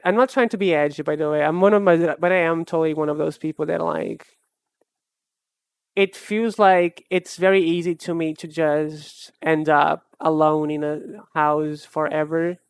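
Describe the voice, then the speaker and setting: Rambling, self-deprecating art streamer, smooth voice. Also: medium pitch, unhurried, no echo. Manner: rambling and self-deprecating, with frequent laughs and restarts. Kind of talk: casual live-stream chat while drawing.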